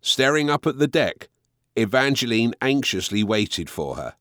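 A man narrating an audiobook in a slow, expressive storytelling way. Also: medium pitch, no echo, studio quality.

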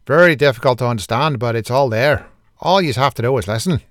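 A blunt Northern Irish man, voiced by a man with a broad accent. He talks fast and flat in a dry, close recording. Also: mid-range voice, no echo, natural voice. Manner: broad, quick.

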